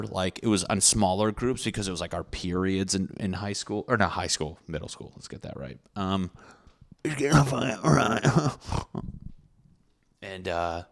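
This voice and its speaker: A young man hosting a podcast, telling a profane, rambling, self-mocking story in a casual monologue. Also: lowish voice. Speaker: podcast host.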